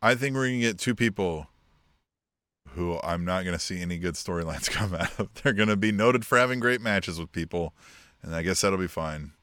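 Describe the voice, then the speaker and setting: A man's voice: sits low, fairly quick, fairly bright tone, dry recording. Sweary, sarcastic man in a dry room. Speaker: podcast co-host. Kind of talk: casual chat.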